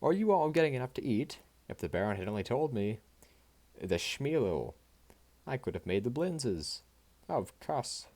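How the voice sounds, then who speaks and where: A man's voice: mid-range voice, big pitch swings, moderate pace, darkish tone, pitched above the performer's own voice. A man voicing a gushing, chatty woman from an old film script, effusive and doting on her guests.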